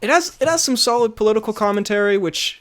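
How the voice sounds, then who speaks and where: Rambling young man, slightly high voice. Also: expressive, fairly bright tone. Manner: rambling, filler-heavy, quick to laugh. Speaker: podcast co-host. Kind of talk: casual chat.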